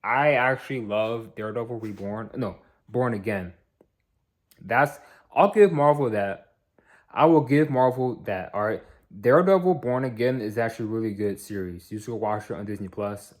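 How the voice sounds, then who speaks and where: A man's voice: medium pitch, moderate pace, a little mellow. A tired young man giving a casual, rambling movie review, often repeating and restarting his words.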